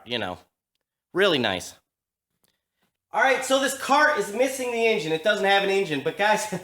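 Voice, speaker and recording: A man's voice: sits high, sharp tone. A man vlogging in a garage, telling a story casually with lots of fillers and restarts, recorded on a camera mic. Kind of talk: casual chat.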